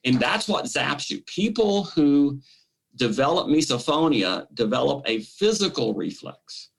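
Man, gravelly, animated therapist-guest explaining step by step. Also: fairly high pitch, a little slow, rough recording. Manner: animated, acts out the brain's voice in quotes. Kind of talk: explanatory interview talk.

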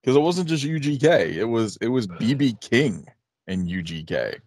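A man's voice: mid-range voice, big pitch swings, moderate pace, a little mellow, no echo, clean studio sound. A man co-hosting a podcast in casual chat, a rambling storyteller who likes crude jokes. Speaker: podcast co-host.

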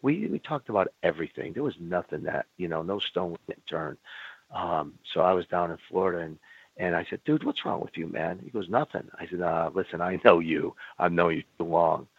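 Over dry, phone-like audio, a former pro wrestler in his later years shares candid stories during an interview. His low voice is creaky with a breathy edge, and he's blunt and profane, voicing both sides of past disputes in fast back-and-forth.

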